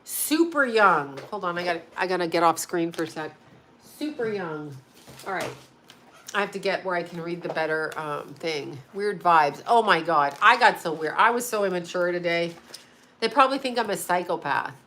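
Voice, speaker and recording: A woman's voice: fairly low pitch, lively intonation, normal speed, bright, forceful tone, slight background noise. A middle-aged woman hosting a casual live stream from her home, rambling and chatty, often laughing. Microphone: home video call setup.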